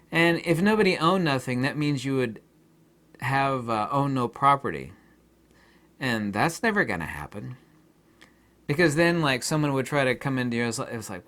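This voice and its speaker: A man's voice: mid-range voice, a bit bright. A man hosting his own channel, talking in a rambling casual monologue, often laughing and acting out imagined exchanges. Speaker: YouTube channel host.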